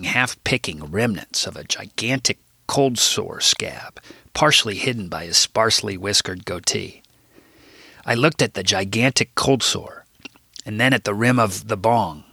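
Gravelly, wry male author narrating. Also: on the low side, bright, forceful tone, no room sound, studio quality. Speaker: author reading his own book. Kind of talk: audiobook narration.

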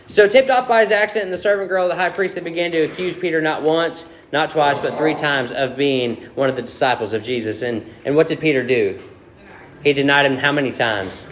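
A man preaching a sermon to a congregation, reading scripture and asking the room lively rhetorical questions. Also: fairly high pitch. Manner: leads a soft, quiet prayer before preaching. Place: church meeting room.

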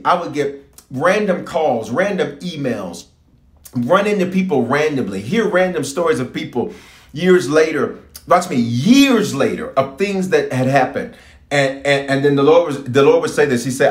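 A man's voice: on the high side, reverberant. A man preaching a fervent livestream sermon as a bishop, repeating lines and urging his listeners on.

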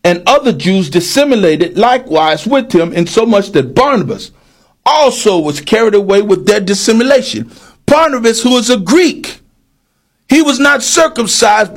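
A man with a high-pitched voice preaches with force and presses each point hard. He reads scripture aloud, then breaks it down for his listeners. His delivery swells to shouts when he drives a point home. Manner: emphatic, rising to shouts on key points. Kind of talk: sermon.

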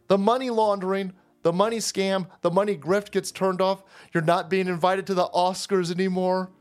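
A man's voice: sits high, normal speed, soft background music. Crude, sarcastic man ranting. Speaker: political commentary host. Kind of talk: profane political rant.

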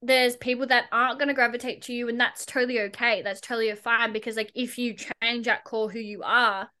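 A woman's voice: fairly high pitch, little pitch movement, fairly quick, pushed and bright. A young woman, a podcast guest and entrepreneur, talking casually in a blunt, sarcastic way and swearing freely.

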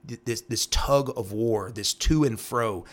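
An earnest man talks through the scripture as a pastor. He repeats key phrases and checks in with a quick "right?" as he works through each verse. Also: medium pitch. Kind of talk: devotional Bible teaching talk.

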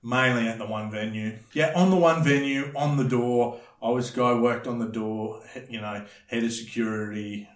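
An Australian man tells stories in a loose, rambling way, blunt and heavy on slang. His voice sits in an ordinary middle pitch. The room around him gives the sound a clear echo. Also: fairly even intonation, normal speed, few pauses. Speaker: podcast guest, former bouncer. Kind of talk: casual storytelling chat. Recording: roomy echo.

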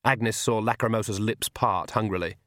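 A man's voice: lowish voice, fairly even intonation, normal speed, a bit bright, no echo. Man narrating an audiobook in a dry recording. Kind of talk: scripted narration.

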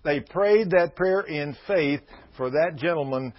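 Unhurried and a little high in pitch, a man in his sixties preaches to his congregation with folksy emphasis, now and then slipping into fervent prayer. The sermon is on a dull lo-fi recording.

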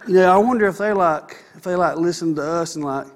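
A man's voice: high voice, quick pace. A man preaching a sermon in a folksy, conversational way, with asides to the congregation. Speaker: pastor.

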